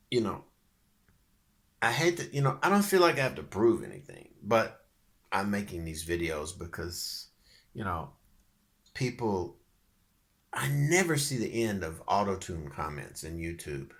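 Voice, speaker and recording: A man's voice: fairly low pitch, very animated, a little slow, vocal fry, pauses often, no echo. A man talking in a casual, rambling vlog, jokey and full of fillers. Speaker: vlogger and singer.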